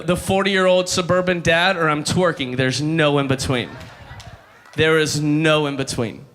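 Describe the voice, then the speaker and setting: High, bright-voiced joking preacher man. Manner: joking storyteller, calls for crowd responses. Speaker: youth ministry speaker. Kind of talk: humorous youth sermon. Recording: long hall reverb.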